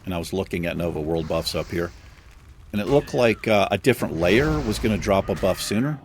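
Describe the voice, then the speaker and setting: A man's voice: low voice, lively intonation, brisk, slight background noise. A young man casually commenting on his game and rambling through a story, swearing freely as he talks. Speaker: gaming streamer.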